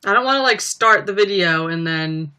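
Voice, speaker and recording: A woman's voice: medium pitch, animated, moderate pace, pushed and bright, clear, resonant tone. A young woman chatting casually on a livestream, reading viewer comments aloud with plenty of ums. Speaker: livestreaming singer.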